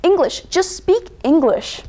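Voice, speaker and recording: Young woman doing an impatient American father, loud, insistent, high-pitched. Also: lively intonation, normal speed, natural voice. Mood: exasperated.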